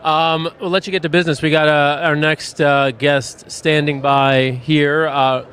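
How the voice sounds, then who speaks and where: Man, live-stream host, slightly high voice, eager questions, laughs easily, casual banter. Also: level tone, measured pace, a bit bright. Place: casino tournament room.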